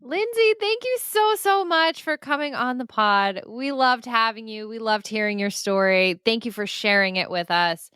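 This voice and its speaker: A woman's voice: on the high side, normal speed, few pauses, clear, resonant tone. A woman with a light Boston-area accent co-hosting a casual running podcast, laughing often. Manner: giggly, warm-hearted thanks. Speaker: podcast co-host.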